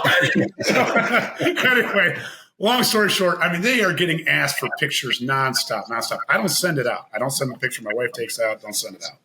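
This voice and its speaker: A man telling a long personal story in casual chat as a podcast guest, animated and laughing, acting out what others said. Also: medium pitch, noisy background. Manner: animated, laughing, acts out quoted voices.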